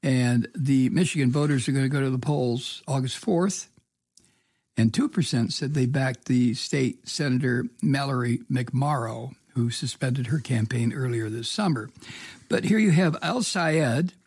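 A man with a gravelly, husky voice gives solo political commentary, reading the news and then tearing into it with profane sarcasm. He talks in a halting, indignant way, full of fillers and restarts. The sound is dry and close to the mic. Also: medium pitch, darkish tone, no room sound. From from the US state of Georgia.

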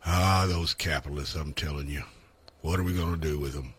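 A man's voice: extremely low pitch, fairly even intonation, a little fast, slightly rough, no room sound. A man co-hosting a talk show, reading a prepared rundown with wry asides. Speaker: co-host.

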